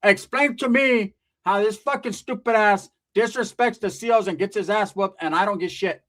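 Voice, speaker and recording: A brash, money-hungry middle-aged mother, voiced by a man who scolds and complains with no filter. Her voice sits somewhat higher and pushes a bit louder. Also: moderate pace. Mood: greedy. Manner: bossy, profane, complaining.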